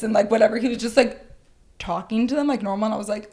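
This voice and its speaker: A woman's voice: on the high side, fast, dark tone. A young woman co-hosting a podcast, telling a story in casual chat and filling her sentences with "like". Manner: rambling storyteller, heavy use of "like". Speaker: podcast co-host.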